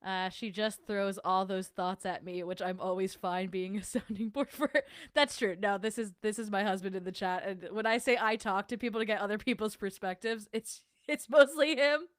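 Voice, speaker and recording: A woman's voice: mid-range voice, fairly even intonation, normal speed, hardly any pauses, no room sound, studio quality. A young adult woman hosting a casual livestream, chatting and answering her chat in a self-deprecating way. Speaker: livestream host.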